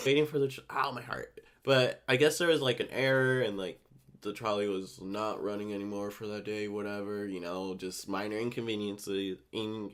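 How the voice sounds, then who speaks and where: A man's voice: fairly low pitch, a bit bright. A young man chatting casually to his viewers, retelling a story with lots of quoted back-and-forth. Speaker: YouTuber. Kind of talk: casual get-ready-with-me chat. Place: San Diego.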